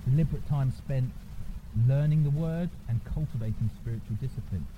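A man's voice: medium pitch, a little fast, narrow, tinny audio. Man preaching over noisy audio. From England. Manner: informal, checks in with listeners. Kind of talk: conversational sermon. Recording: noisy church recording.

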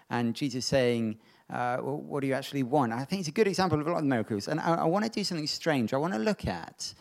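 A man preaching a sermon, reading Bible stories and bringing them to life with animated voices. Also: medium pitch.

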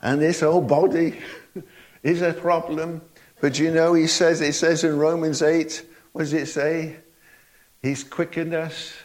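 A man's voice: a little high, little pitch movement, measured pace. An older man preaching a sermon in a folksy way, chuckling often and asking his listeners rhetorical tag questions.

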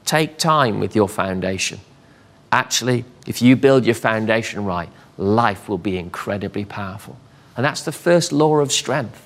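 A middle-aged man preaching a sermon, lively and storytelling, acting out the voices of the people in his anecdotes. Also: mid-range voice. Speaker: pastor.

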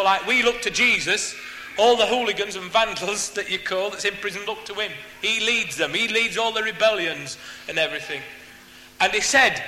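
A man's voice: high voice, bright, forceful tone. A man giving an earnest, rambling church testimony about his time in prison, speaking into a microphone he is not used to. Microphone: handheld mic, unfamiliar to him. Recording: echoey hall with faint hum.

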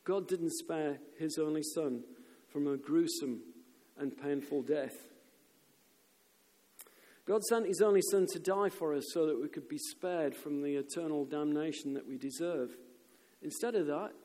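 Male preacher, lively storytelling sermon, reverberant church recording. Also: on the high side, a little slow. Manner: animated storyteller, shouts quoted crowds. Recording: long reverb of a church hall.

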